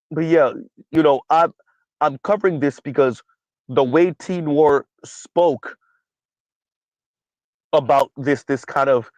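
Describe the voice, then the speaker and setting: A man's voice: on the high side, a little mellow, dry recording, highs cut off. A man hosting a casual commentary stream who reads viewer comments aloud, keeps asking "right?", and has a dry cough. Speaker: commentary channel host.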